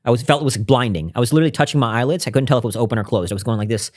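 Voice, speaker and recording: A man as a podcast guest, telling a personal story in an earnest, reflective way and often dropping to a hushed voice. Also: medium pitch, racing. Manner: earnest and reflective, drops to a hushed voice when recounting intimate moments. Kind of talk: conversational interview storytelling.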